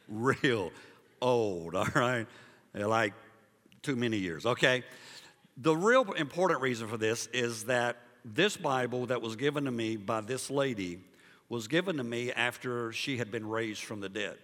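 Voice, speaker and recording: A male pastor preaching a sermon and telling a story, moving between loud emphasis and hushed, quiet passages. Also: medium pitch, a little slow, in a large hall. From Liberia. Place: church sanctuary.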